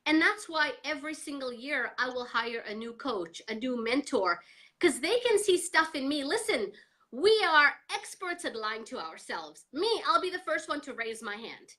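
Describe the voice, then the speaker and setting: A woman's voice: high voice, normal speed. A middle-aged woman, a guest on a live interview, talking emphatically and energetically about mindset and coaching. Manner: energetic, emphatic motivational talk.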